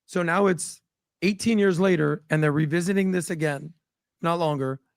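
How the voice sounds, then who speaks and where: A man on a political panel who explains a point haltingly and restarts phrases. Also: fairly high pitch, vocal fry, no echo, clean studio sound.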